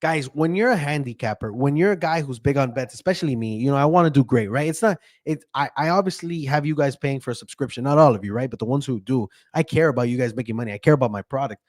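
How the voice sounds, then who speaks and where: A man's voice: mid-range voice, fast, few pauses, no echo, clean studio sound. A man who handicaps bets, giving a casual, profane fight breakdown and keeps checking in with "right?". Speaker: MMA betting handicapper.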